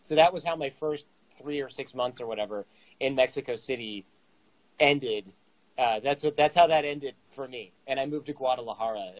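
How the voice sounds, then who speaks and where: A man's voice: mid-range voice, moderate pace, no room sound, rough recording. A man in his forties casually telling a story, acting out the dialogue with energy. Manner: animated, acts out dialogue. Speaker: guest storyteller.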